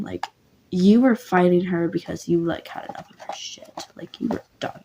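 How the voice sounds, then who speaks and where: A woman's voice: on the low side, moderate pace, mellow, a little hiss or hum. A woman narrating a story in a casual, rambling way, full of fillers. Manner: rambling, lots of "like". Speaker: voice actor narrating.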